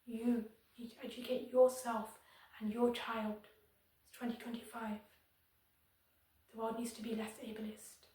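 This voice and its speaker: A woman's voice: on the high side, level tone, unhurried, long pauses, warm tone, recorded from a distance. A woman giving firm, earnest advocacy commentary to viewers as a vlogger. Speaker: disability vlogger. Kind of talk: direct-to-camera advocacy commentary. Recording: very echoey room, voice somewhat off-mic.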